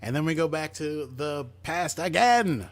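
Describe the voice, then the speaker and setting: A man's voice: fairly high pitch, lively intonation, measured pace, over loud music. A man co-hosting a podcast, chatting casually as he retells a TV episode and acts out bits of the characters' lines. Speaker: podcast co-host. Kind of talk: casual chat recapping a TV episode.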